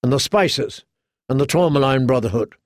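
A man voicing a proud, shrewd young exiled queen who speaks calmly and firmly. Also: medium pitch, no room sound, studio quality, lightly acted. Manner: calm, measured, firm.

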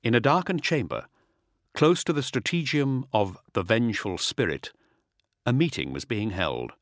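A man narrating an audiobook in a dramatic, measured reading. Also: medium pitch, big pitch swings, fairly bright tone, dry recording, clean studio sound. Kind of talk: scripted narration.

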